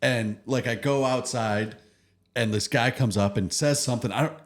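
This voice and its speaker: A man's voice: medium pitch, moderate pace. A man in his thirties, co-hosting a podcast, telling a rambling story with jokes and plenty of swearing. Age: 30s. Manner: rambling, joking, swears freely. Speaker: podcast co-host. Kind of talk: casual chat, storytelling.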